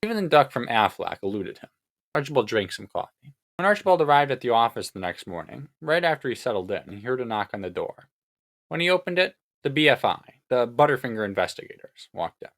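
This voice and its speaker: A man's voice: mid-range voice, big pitch swings, fairly quick, a bit bright. A man narrating a comic crime story aloud with a straight face. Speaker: audiobook narrator.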